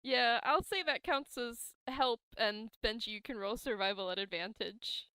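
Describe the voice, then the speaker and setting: A woman's voice: a little high, moderate pace, bright, forceful tone, smooth, dry recording, poor audio. A woman running a tabletop role-playing game, playful and laughing often as she narrates. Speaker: game master.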